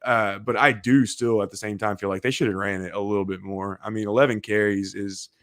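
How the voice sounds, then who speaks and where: A low-voiced man riffing on football in loose, casual podcast talk, laughing easily as he goes. He sounds close and dry, with almost no room around him. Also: steady tone, a little fast, a bit bright, no room sound. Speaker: podcast co-host. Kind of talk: casual sports podcast chat.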